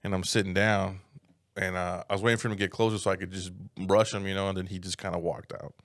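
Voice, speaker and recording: Profane, animated male comedian telling stories. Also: low-pitched, quick pace, no echo, clean studio sound. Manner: profane, animated storytelling with acted-out quotes. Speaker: podcast co-host. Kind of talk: casual comedy chat.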